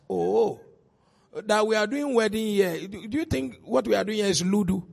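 A Ghanaian man in middle age delivers a sermon in a high, raspy voice with a gravelly edge. He swings from quiet asides to shouted exclamations and laughs often as he preaches. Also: a little fast. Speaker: pastor.

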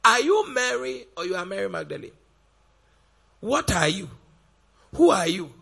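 A man preaching a sermon, firing off rhetorical questions in a gravelly, raspy voice. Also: high voice, sing-song, moderate pace, sharp tone.

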